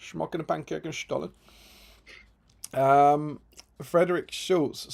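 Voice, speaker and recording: A man's voice: on the high side, fairly even intonation, slow, vocal fry, pauses often, darkish tone. A man co-hosting a casual live stream, reading viewer comments aloud with playful asides. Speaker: co-host reading chat.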